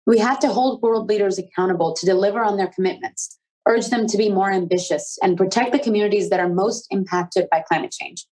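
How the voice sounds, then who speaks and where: A woman's voice: medium pitch, a little fast, darkish tone, rough recording. A young woman hosting a conversation, presenting with eager, upbeat energy. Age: young adult. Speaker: host of the youth conversation. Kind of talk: scripted presenting and casual questions.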